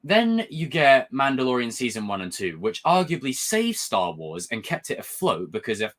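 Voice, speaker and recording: A film and TV reviewer, a young man speaking at a moderate pace in a medium-pitched voice, breaks down a show in a casual vlog. He's animated and passionate, tends to ramble, and swears frequently.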